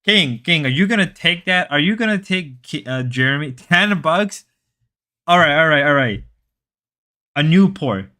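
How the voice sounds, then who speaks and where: A male livestream host whose first language is Spanish, rambling and bantering with his chat in a loose, joking way. His voice is bright and forceful, with a clear, crisp tone. He keeps drifting into playful mock voices. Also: on the high side, animated, measured pace. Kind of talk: casual stream chat with viewers.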